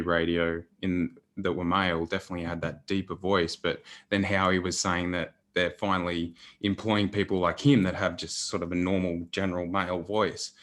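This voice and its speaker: Male podcast host, deep low voice, conversational and a bit halting. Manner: conversational, stumbles over questions. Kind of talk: podcast interview.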